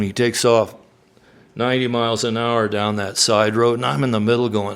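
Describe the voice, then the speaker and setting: A man, a singer-songwriter, telling an animated story live on stage and acting out the people in it. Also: mid-range voice, normal speed. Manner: animated storyteller, acts out quoted voices.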